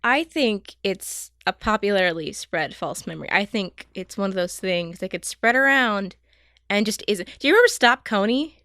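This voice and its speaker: A woman co-hosting a podcast in casual chat, animated and teasing, full of fillers. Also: mid-range voice, moderate pace, no room sound, clean studio sound. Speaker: podcast co-host.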